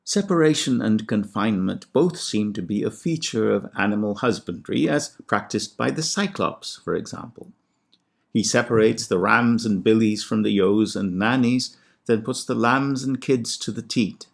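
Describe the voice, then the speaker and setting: A man, a classics scholar, giving a measured and precise lecture on ancient poetry with a lightly wry touch. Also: lowish voice, animated, vocal fry. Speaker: classics scholar and podcast host. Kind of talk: scripted lecture with recited Greek verse.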